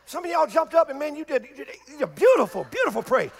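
A middle-aged man, a pastor preaching a sermon to a congregation, repeating phrases and shouting the climaxes. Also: very high-pitched, big pitch swings, fast, gravelly, long reverb tail. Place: church before a congregation.

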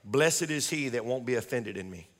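A man voicing Jesus as a calm, gentle man who is gently rebuking, in a low, quiet, measured voice. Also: long reverb tail, natural voice.

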